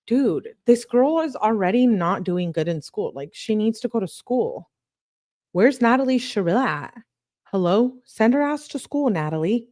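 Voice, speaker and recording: A woman's voice: mid-range voice, lively intonation, moderate pace, darkish tone, no room sound, clean studio sound. A woman hosting a true crime video, chatting casually and tossing out asides as she reacts to viewers' comments. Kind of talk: casual commentary, reading text messages aloud.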